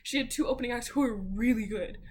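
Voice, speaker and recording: Young woman vlogging, gushy and giggly, kinda high voice, lots of likes and ums. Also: fast talker, a little mellow, a little hiss or hum. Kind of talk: casual chat to camera.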